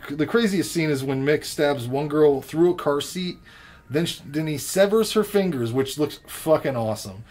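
A man co-hosting a podcast, reviewing a film in blunt, profane casual chat. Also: fairly high pitch.

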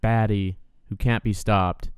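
Opinionated man with a smooth voice. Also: on the low side, level tone, unhurried, dry recording, clean studio sound. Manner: opinionated, rambling, with frequent fillers. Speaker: podcast co-host. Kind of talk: casual film review chat.

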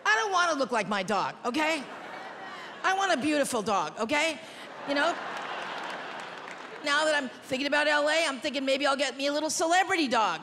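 Brassy high-voiced female stand-up, punchy delivery, booming hall reverb, loud crowd reactions. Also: animated, a little fast, pauses often, a little hiss or hum. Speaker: stand-up comedian. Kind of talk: stand-up comedy routine. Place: large TV studio stage.

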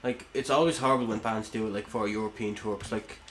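A man chatting casually while playing a game, relaxed and hesitant with many fillers. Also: lowish voice, fast talker. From Ireland. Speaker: gaming podcast co-host.

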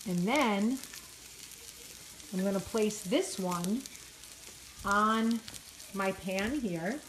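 A woman's voice: medium pitch, very slow, a little hiss or hum, rough recording. Chatty woman vlogging over a sizzling pan. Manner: chatty and self-deprecating, many fillers. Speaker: vlogger cooking on camera. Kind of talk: casual self-filmed cooking vlog. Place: home kitchen, frying at the stove. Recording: home kitchen with loud sizzling. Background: sizzling frying pan.

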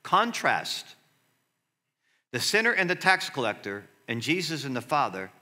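A man in his sixties preaching a sermon as pastor, swinging between loud exclaiming and hushed asides. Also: medium pitch, sing-song, measured pace, long reverb tail. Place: church sanctuary.

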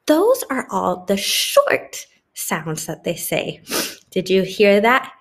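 A woman teaching young children their letters at an unhurried, patient pace. She stretches out each vowel and consonant, sounding words out slowly and clearly. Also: medium pitch, big pitch swings. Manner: slow, exaggerated sounding-out of letters. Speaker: kindergarten teacher. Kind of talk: phonics lesson for young children.

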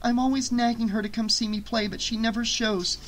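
A man's voice: very high voice, fairly even intonation, fairly quick, a bit bright, voice pushed up, poor audio. A man reading an audiobook, voicing a frightened young woman who talks in an urgent, pleading way. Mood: urgent distressed.

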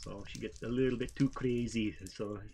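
A man's voice: mid-range voice, fairly even intonation, fairly quick, vocal fry, mellow, slight background noise. A man co-hosting a casual gameplay commentary with his daughter, goofy and joking, humming little tunes between remarks. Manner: goofy and playful, hums and jokes. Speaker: father co-hosting a gameplay channel.

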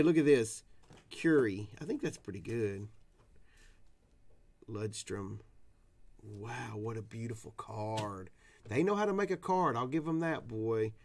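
A man's voice: mid-range voice, very animated, measured pace, long pauses, pushed and bright. A man from Tennessee, hosting a casual card-opening stream in a rowdy, profane, whooping way. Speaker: card breaker host. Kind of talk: casual live stream chat.

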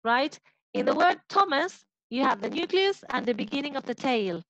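The lo-fi, echo-free audio captures a high, sing-song, somewhat bright voice at a normal pace. She's an Argentine woman whose first language is Spanish, patiently explaining phonetics in an online lecture and frequently asking "right?" to confirm understanding.

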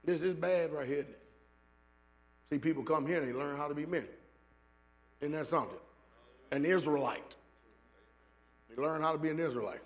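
A man preaching in a church sanctuary. His voice sits high and he tells stories with fiery, shouted peaks, then drops into casual, joking asides to the people in the pews. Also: moderate pace, pauses often. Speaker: pastor. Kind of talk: sermon.

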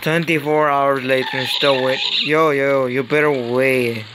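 A gamer giving casual gameplay commentary, excitable and slangy, often repeating words in frantic bursts. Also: mid-range voice, unhurried, background noise. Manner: slangy, says yo and bro a lot.

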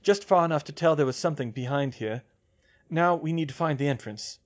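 A man reading a fan fiction audiobook and playing a steady young curse breaker who speaks in a calm, firm, matter-of-fact way. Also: fairly high pitch, brisk, highs cut off, close to an everyday voice.

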